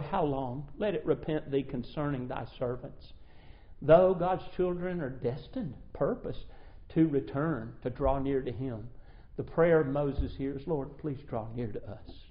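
A man preaching a sermon, reading scripture and speaking earnestly, his volume swelling and dropping. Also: on the high side. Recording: dull lo-fi recording.

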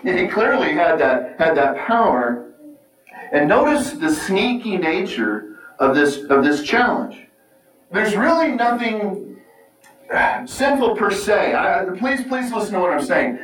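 A man's voice: high voice, sing-song, slow, fairly bright tone. A man preaching a sermon in an earnest, conversational teaching manner, often repeating words and asking rhetorical questions. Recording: echoey room, mic far off.

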